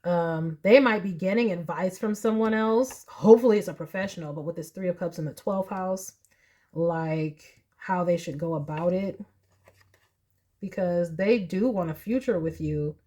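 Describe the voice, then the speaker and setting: A woman's voice: fairly low pitch, moderate pace, mellow. A woman, reading tarot in a chatty, emotional monologue full of likes and y'alls. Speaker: tarot reader.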